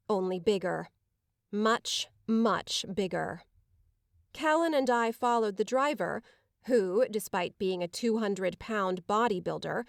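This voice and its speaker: A woman reads a dark romance audiobook in the first person, with measured, dramatic pacing. Her voice sits at a mid pitch, and the recording is dry and close with no room sound. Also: no echo. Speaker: audiobook narrator. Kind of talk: first-person scripted narration.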